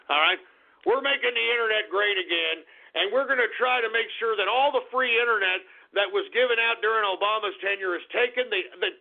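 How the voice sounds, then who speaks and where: A man puts on a cranky old radio host with a very high, gravelly voice, who flies into shouting, cursing tirades at his listeners. He is a hot-tempered war veteran with a short fuse. The sound is thin and tinny, like a call-in phone line. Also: heavily acted. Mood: ranting. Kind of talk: comedic radio character rant.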